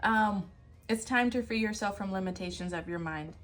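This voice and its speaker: A woman's voice: medium pitch, moderate pace, a bit bright. A woman giving a casual tarot reading, emphatic, often laughing and sighing. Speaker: tarot reader.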